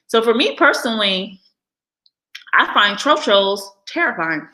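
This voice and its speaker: An American woman with an African American English accent, chatting candidly in a live vlog, laughing often and slipping into animated impressions. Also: medium pitch, measured pace, poor audio. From United States. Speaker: vlogger living abroad. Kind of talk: casual live-stream monologue.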